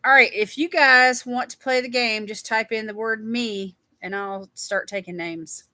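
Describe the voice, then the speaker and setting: A woman's voice: a little high, fairly even intonation, measured pace, bright, forceful tone, dry recording. A woman, chatting casually with viewers as a livestream host and reading their names aloud. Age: 60s.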